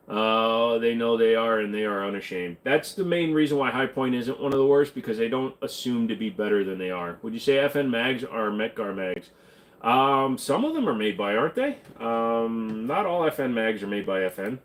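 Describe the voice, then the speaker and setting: A man's voice: mid-range voice, moderate pace. Offhand, jokey male livestream host. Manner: jokey, offhand, reads and answers chat. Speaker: streamer answering chat questions. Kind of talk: casual livestream Q&A.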